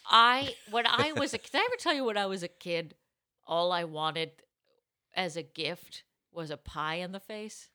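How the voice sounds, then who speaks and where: A woman's voice: lowish voice, animated, normal speed, bright, forceful tone. A woman co-hosting a podcast, chatting in a jokey, giggly way. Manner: giggly, jokey, puts on bits. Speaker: podcast co-host. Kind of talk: casual comedic chat.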